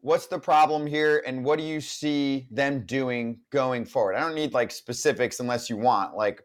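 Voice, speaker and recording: A man hosting a podcast, posing questions in a measured way during casual chat. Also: medium pitch.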